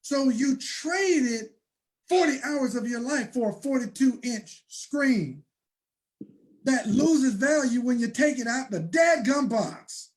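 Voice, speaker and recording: A man hosting a motivational money talk, preaching and building to shouts. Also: extremely high pitch, expressive, slow. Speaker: host.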